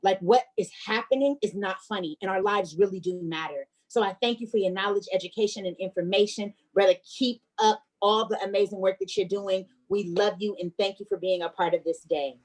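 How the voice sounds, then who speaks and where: Woman, event host, earnest, warm, thanks guests, video call. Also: mid-range voice, fairly quick, few pauses, rough recording. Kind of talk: hosting an online event.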